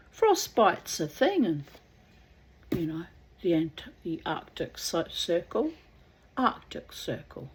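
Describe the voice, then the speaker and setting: A woman's voice: on the low side, sing-song, slow, a little mellow, breathy edge. A middle-aged woman reading aloud and rambling in wry asides, sometimes dropping to a whisper. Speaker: reader.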